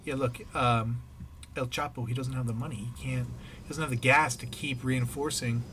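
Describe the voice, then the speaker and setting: A man's voice: medium pitch, fairly even intonation, moderate pace, a bit bright, slight background noise. A man giving casual play-by-play commentary on a strategy game, often pleading with the players. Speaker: game caster.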